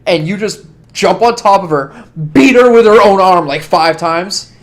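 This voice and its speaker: A man narrating a tabletop role-playing game as game master, describing the action vividly. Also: unhurried. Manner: animated, laughing, acts out bystanders in high voices.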